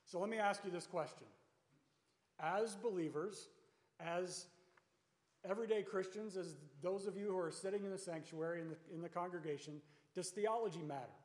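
A man's voice: sits high, moderate pace, darkish tone. A man preaching a sermon to his congregation in a conversational way, asking rhetorical questions. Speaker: pastor. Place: church sanctuary. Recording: echoey church sanctuary with long reverb.

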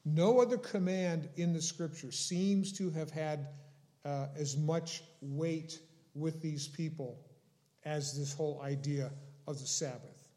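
Slow, deliberate preaching man. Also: fairly high pitch, dark tone. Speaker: pastor. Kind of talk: sermon.

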